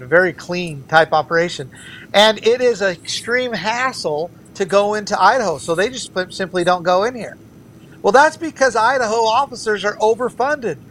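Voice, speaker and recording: A man's voice: high-pitched, a bit bright, slight background noise. A man who is a candidate for governor, speaking as an interview guest and arguing his political views earnestly and emphatically. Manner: earnest, emphatic, argues in repeated phrases.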